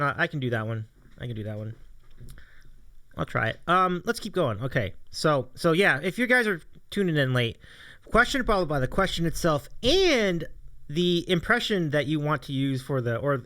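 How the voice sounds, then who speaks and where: A man's voice: fairly high pitch, big pitch swings, moderate pace, bright, forceful tone, dry recording, clean studio sound. A man hosting a casual live stream, chatty and laughing often. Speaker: host.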